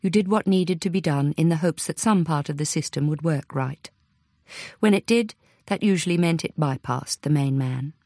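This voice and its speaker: A woman reads an audiobook in a measured, even way. Her voice sits low. The recording is close and dry. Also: no echo. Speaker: audiobook narrator. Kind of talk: audiobook narration.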